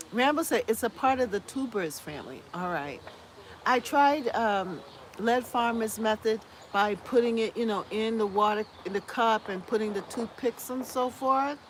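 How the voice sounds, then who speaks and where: A woman's voice: on the high side, a little hiss or hum. A woman from the US hosting a casual gardening live stream, reading viewer comments aloud and chatting back with easy laughs. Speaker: host reading live chat.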